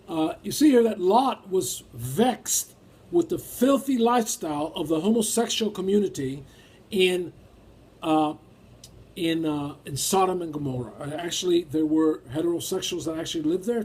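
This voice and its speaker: Man, preacher, sermon, high voice, husky tone, emphatic. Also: expressive, normal speed, a little mellow. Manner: emphatic, rises when acting out feelings.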